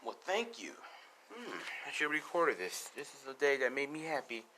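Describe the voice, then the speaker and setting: A calm young male hero who acts as a guardian, voiced by a man retelling a story. He talks in a low-key, slightly hushed way, steady and unbothered. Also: moderate pace, a little hiss or hum, rough recording. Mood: pleased.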